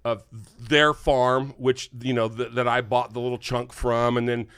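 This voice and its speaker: An older man, hosting a podcast and telling an animated, laughing story. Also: mid-range voice, unhurried, clean tone, no echo. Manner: animated, laughing, acts out quotes. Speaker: podcast host. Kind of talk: casual storytelling chat.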